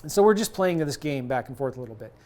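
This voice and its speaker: Speaking quickly with lively intonation, a middle-aged real estate investing teacher chats casually about deals and plays both parts of sales calls with sellers. His medium-pitched voice has a slightly mellow quality.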